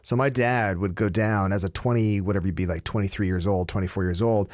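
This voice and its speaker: Chatty man, lowish voice. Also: fairly even intonation, fast, a little mellow, dry recording. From Canada. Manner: chatty anecdotal storyteller. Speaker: interview guest, comedian. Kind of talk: casual interview chat.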